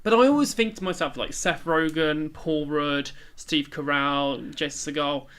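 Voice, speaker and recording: A man's voice: a little high, measured pace, fairly bright tone, clear, resonant tone. A man on a podcast panel, musing aloud in a chatty, casual way. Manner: chatty, musing, full of likes.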